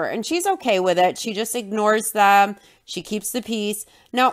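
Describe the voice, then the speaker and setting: A woman's voice: on the high side, fairly bright tone. A woman hosting a podcast and recapping a reality show in a scornful, mocking way. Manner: scornful, mocks in a whiny put-on voice. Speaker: podcast host.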